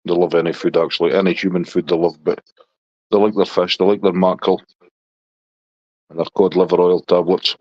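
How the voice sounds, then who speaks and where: A Scottish man hosting a casual live chat with viewers in a relaxed, chatty way. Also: fairly quick, pauses often, breathy edge, dry recording. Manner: relaxed, chatty, talks to his dog in a high baby voice. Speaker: livestream host chatting with viewers. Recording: dull lo-fi dry sound.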